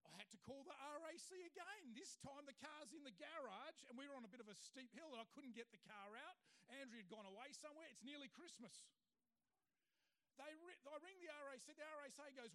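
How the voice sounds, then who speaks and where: A man's voice: very high voice, fairly quick. A middle-aged man sharing a personal testimony with an audience, acting out the people he quotes as he tells the story. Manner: animated storyteller who acts out the people he quotes.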